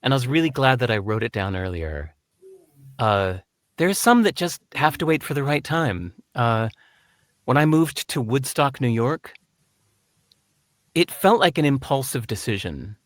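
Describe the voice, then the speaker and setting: Animated male storyteller, lively pitch. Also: a little slow, long pauses, dry recording. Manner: animated storyteller who acts out voices. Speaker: guest. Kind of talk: conversational interview, storytelling.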